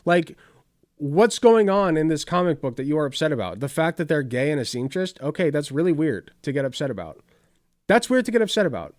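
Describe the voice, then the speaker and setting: A man's voice: fairly high pitch, sing-song, a little fast, a little mellow, no echo, clean studio sound. A man chatting casually on a live stream, rambling and swearing with many filler words while reacting to videos.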